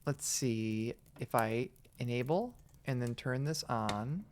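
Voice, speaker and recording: A woman streaming a game live, chatting, giggling and thinking out loud. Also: extremely low pitch, expressive, a little slow.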